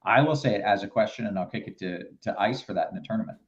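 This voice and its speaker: A man's voice: lowish voice, fast. A man hosting a casual live stream, reading viewer questions aloud to his guests. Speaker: host. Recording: dull lo-fi stream audio.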